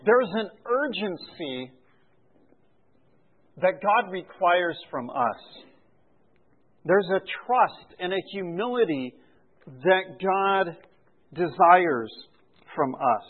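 Male preacher, unhurried and deliberate, voice sits high; narrow lo-fi recording. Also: lively intonation. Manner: slow, deliberate teaching with rising emphasis on refrains. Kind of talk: sermon. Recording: phone-like narrow sound.

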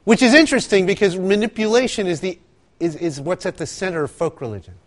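A man preaching a sermon, telling stories with animated asides and acting out quotes. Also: high voice, fast talker. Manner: animated storytelling, acts out quotes, laughs often. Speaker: pastor.

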